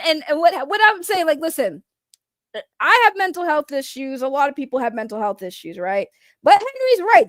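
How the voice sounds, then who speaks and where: A woman with a high voice hosts a casual reaction livestream. She rambles through chat messages in loose trash talk that often breaks into laughter. Her voice sounds close and dry. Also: no echo. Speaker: streamer.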